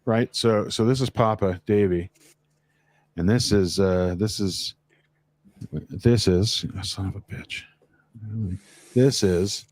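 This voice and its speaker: Low voiced guy rambling n joking on a live stream, dry sound. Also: takes it slowly, long pauses, a little mellow, dry recording.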